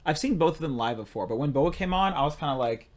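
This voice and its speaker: Young man, podcast co-host, casual chat, excitable, rambling, lively pitch. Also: fast.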